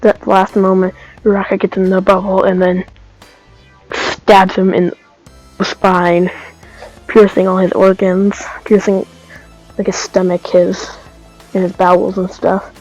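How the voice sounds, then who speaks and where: A woman's voice: mid-range voice, completely flat delivery, unhurried, long pauses, darkish tone, soft background music, poor audio. A woman telling a made-up fan story in a casual, rambling way that keeps stopping to correct itself. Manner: rambling, trailing off, self-correcting.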